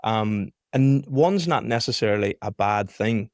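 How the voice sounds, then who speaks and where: A man's voice: on the low side, expressive, unhurried, darkish tone, dry recording, clean studio sound. A man hosting a podcast, speaking thoughtfully and hesitantly in casual conversation. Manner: thoughtful, hesitant, uses fillers. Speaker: podcast host.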